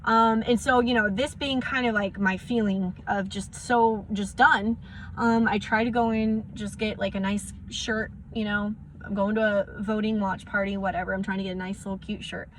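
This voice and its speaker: A young woman ranting in a personal vlog, frustrated and close to tears. She tells her story in quick bursts, acting out each exchange. Her voice sits at an ordinary middle pitch, with a faint hiss of noise behind it. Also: steady tone. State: near tears. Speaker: vlogger. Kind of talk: emotional personal vlog rant.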